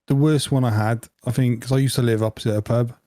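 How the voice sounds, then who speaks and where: Mellow-voiced man chatting. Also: medium pitch, fast, no room sound. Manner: relaxed, jokey, rambling anecdotes. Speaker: podcast co-host. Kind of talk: casual chat.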